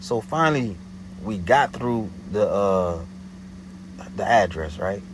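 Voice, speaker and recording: Animated slangy man telling a story. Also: on the low side, slow pace, background noise. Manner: animated, slangy, repeats "you know what I'm saying". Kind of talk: casual storytelling.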